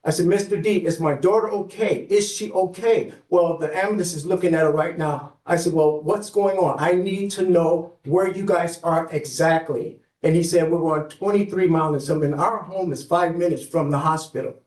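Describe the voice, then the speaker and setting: A man's voice: fairly high pitch, fairly even intonation, normal speed, hardly any pauses, darkish tone. A man testifying as a defendant in a courtroom, telling his story in an anxious, rambling way and addressing the judge again and again. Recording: echoey courtroom, far from the mic.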